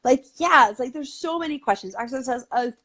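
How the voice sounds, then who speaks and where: A woman's voice: high voice, expressive, brisk, fairly bright tone. A woman guest in a casual interview, talking eagerly and at length, with lots of "like" and "you know.". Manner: eager, talkative, peppered with "like".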